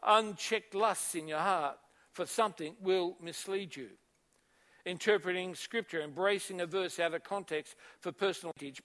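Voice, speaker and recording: High-voiced emphatic male preacher. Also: a bit bright. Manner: emphatic, repeats key phrases, calls on congregation. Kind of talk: sermon.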